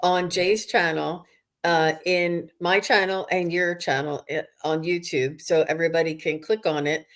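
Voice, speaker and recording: A woman's voice: fairly low pitch, steady tone, unhurried. A woman hosting a psychic livestream, chatting casually and enthusiastically over a video call and greeting viewers. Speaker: psychic medium host.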